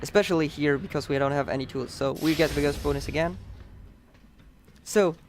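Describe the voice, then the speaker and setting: A man's voice: a little high, a little fast, vocal fry, slight background noise. A man with a Dutch accent giving chatty, upbeat live commentary on his own speedrun, explaining as he plays.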